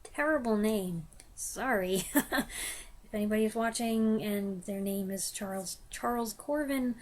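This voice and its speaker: A woman's voice: mid-range voice, unhurried. A young woman reviewing films, stumbling over lines, restarting takes and laughing at herself. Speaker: film reviewer. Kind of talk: blooper reel of review takes.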